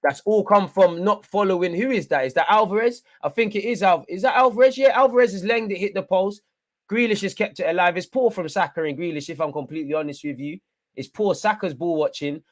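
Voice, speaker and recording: A young man, his voice sitting a little on the higher side, commentating live on a football match as a fan. He talks straight at the players and the manager as though they could hear him. He lurches from groaning at mistakes to loud hype. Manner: excitable, urges players on, swings between frustration and hype.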